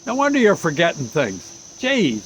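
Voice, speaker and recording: An older man in his seventies voicing a blunt, bossy ex-Army doctor who gives folksy, gruff orders. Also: fairly high pitch, huge pitch swings, normal speed, a bit bright, slight background noise, low-quality recording.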